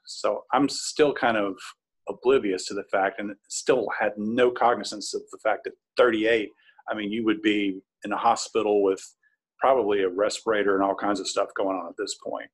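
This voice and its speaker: Husky low-voiced man telling a story. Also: fairly even intonation, moderate pace. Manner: rambling, many fillers and restarts. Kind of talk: casual spoken recollection.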